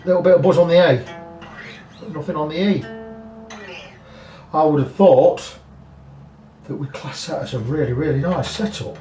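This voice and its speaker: A man explains a guitar setup in a relaxed, chatty way, dropping blunt asides as he works. His voice sits a little high. He is heard from a distance in a roomy workshop, with faint music behind. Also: moderate pace, pauses often. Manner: chatty, thinking aloud with frank asides. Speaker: guitar repair technician. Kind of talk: casual workshop demonstration.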